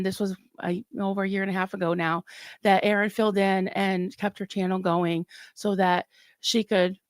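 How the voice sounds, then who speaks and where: A middle-aged woman hosting a casual livestream, chatting warmly and getting emotional, recorded close and dry. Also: mid-range voice, dry recording. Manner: warm, emotional, chatty with laughs. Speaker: livestream host.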